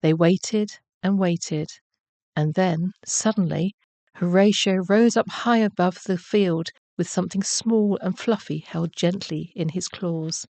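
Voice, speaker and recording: A woman narrating a children's bedtime story in a gentle, measured way. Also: on the low side, no room sound.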